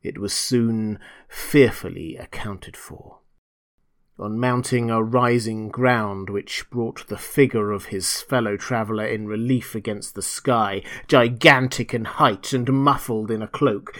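Male storyteller reading a gothic classic, theatrical and hushed in places, average pitch. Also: steady tone, slow pace. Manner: theatrical, dropping to hushed tones at tense moments.

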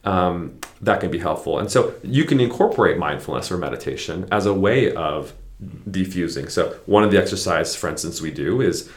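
A man, a clinical psychologist guest, explaining therapy ideas in a relaxed conversational way and often checking in with "right?". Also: sits low, brisk. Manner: explanatory, frequent "right?" tag questions. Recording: roomy echo.

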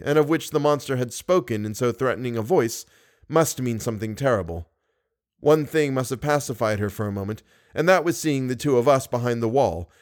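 A man reading a classic novel aloud in a measured, dramatic narration. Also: medium pitch. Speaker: audiobook narrator. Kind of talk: scripted narration.

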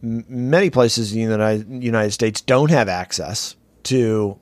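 A man's voice: on the low side, measured pace, no room sound. A man co-hosting a podcast, chatting casually and summarizing a news article with frequent ums and restarts. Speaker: podcast co-host. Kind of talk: casual discussion of education news.

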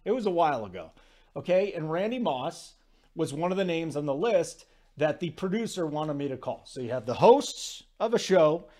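Man, sports talk host, forties, rambling storyteller, slightly high voice. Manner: rambling, animated storytelling with asides. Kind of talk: casual sports talk monologue.

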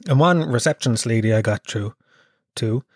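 In a dry, clean studio recording, a mid-range male voice moves at a normal speed. He's a young Kerryman from Ireland hosting his podcast through a cold, swearing and mocking himself in a rambling, comic monologue.

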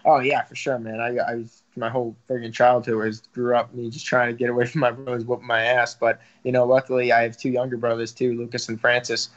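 A young man talks fast in an even, flat tone, piling up fillers and casual swearing as an interview guest. The audio is a little dull and lo-fi. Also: mid-range voice. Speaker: professional fighter and guest.

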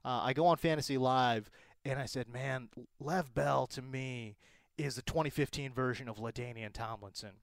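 A man's voice: medium pitch, moderate pace, gravelly, no room sound, clean studio sound. A man co-hosting a sports podcast, telling stories in casual chat with lots of exclamations. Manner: animated storyteller, exclamatory. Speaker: podcast co-host.

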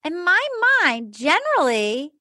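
A woman hosting a casual chat, animated and exclamatory with quick asides. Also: high-pitched, dry recording, clean studio sound. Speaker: podcast host. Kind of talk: casual chat recapping a dating show.

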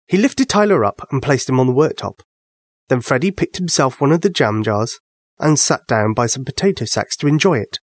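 A man narrating a children's bedtime story with an expressive reading. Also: mid-range voice, moderate pace, no room sound.

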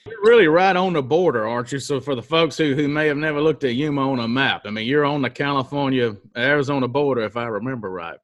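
A man's voice: mid-range voice, fast, few pauses, dry recording, lo-fi sound. An enthusiastic man hosting a casual podcast interview, upbeat and friendly in manner. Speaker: podcast host.

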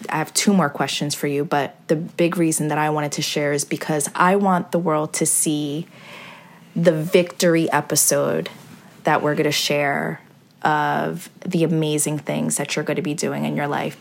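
A woman's voice: low-pitched, vocal fry. A woman, a mother hosting a podcast, talking earnestly and with faith, with many fillers. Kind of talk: heartfelt podcast conversation.

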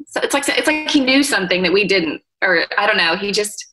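Woman, 30s, interview guest; gentle, reflective delivery, bright tone. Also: mid-range voice, animated, rough recording. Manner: soft-spoken, tender, reflective with pauses and fillers. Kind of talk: emotional interview conversation.

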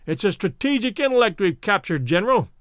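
A man's voice: high-pitched, very animated, a little fast, fairly bright tone, no echo, clean studio sound. A man doing a boisterous, teasing Irish rogue. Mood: jovial, teasing. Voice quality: boisterous, mocking.

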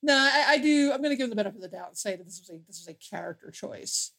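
A woman's voice: fairly high pitch, lively intonation, racing, gravelly, fairly bright tone. A woman joins a casual film podcast as co-host, chatty and easily amused, laughing often. Her talk is loose, with plenty of likes and you-knows. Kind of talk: casual chat.

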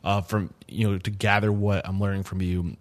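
A man with a somewhat low voice hosts an interview conversation. He asks probing follow-ups and sums up his guest's points. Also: level tone, moderate pace. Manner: probing, summarizing questions.

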